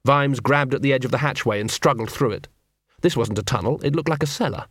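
A man narrating a story in a steady storytelling manner, lightly voicing the dialogue. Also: mid-range voice, fairly quick, slightly rough, no echo, studio quality. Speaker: audiobook narrator. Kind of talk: scripted narration.

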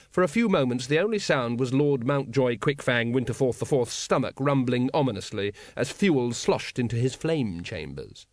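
An audiobook narrator, a man with a medium-pitched voice, reads a scripted story in a measured, expressive storytelling style. The recording is dry and of studio quality.

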